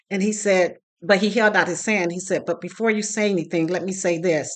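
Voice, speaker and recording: Lady parenting coach telling a story into her phone, kinda low voice, acts out the quotes. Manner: retells dialogue with quoted voices, emotional. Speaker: parenting class instructor. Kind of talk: casual storytelling to camera. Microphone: phone recording herself.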